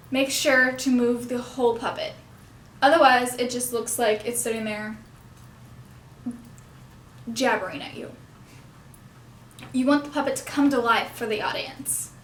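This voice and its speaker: A woman's voice: high voice, a little hiss or hum. A young woman explaining puppet technique in a hands-on lesson, stopping now and then to correct herself. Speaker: puppetry instructor. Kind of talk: instructional demonstration. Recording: echoey room.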